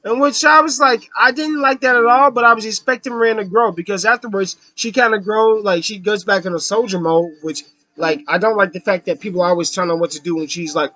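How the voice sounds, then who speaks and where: A man's voice: sits high, brisk, bright, forceful tone. A man giving a casual, unscripted book review, ranting and swearing, with lots of fillers. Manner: ranting, profane, with frequent fillers.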